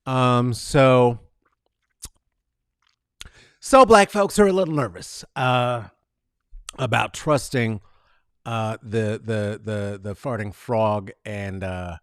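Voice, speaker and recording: A man hosting a podcast in casual chat, rambling and halting with fillers and restarts. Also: mid-range voice, fairly bright tone, smooth, no echo, studio quality. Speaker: podcast host.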